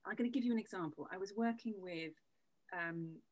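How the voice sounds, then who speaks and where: A woman's voice: medium pitch, a little fast, low-quality recording. A woman, a voice coach, explaining her points in a conversational interview with worked examples. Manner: explanatory, uses demonstrative examples. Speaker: voice coach guest.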